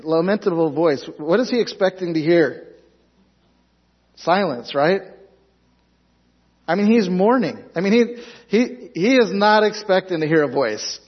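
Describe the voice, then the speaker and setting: Preacher guy reading scripture and firing off rhetorical questions, kinda high voice, muffled audio. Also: animated, unhurried, pauses often, breathy edge. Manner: emphatic, rhetorical questions, reads scripture aloud. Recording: dull lo-fi sound.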